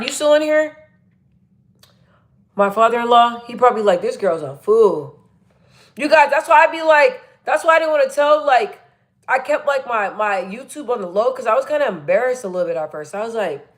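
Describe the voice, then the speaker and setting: Chatty woman hosting a livestream. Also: medium pitch. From Arizona, US. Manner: chatty and rambling, full of "like" fillers. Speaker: livestream host. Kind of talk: casual livestream chat with viewers.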